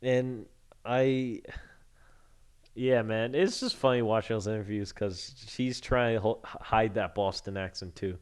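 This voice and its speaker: A man co-hosting a casual podcast, laid-back and quick to laugh along. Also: on the low side, fairly even intonation, clear, resonant tone. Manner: laid-back, laughs often, short replies. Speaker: podcast co-host. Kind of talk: casual chat.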